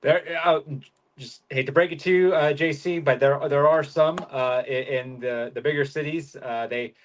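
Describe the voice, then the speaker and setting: A man co-hosting a podcast in casual chat, talking hesitantly with many pauses and restarts. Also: fairly high pitch, fairly even intonation, slight background noise. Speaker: podcast co-host.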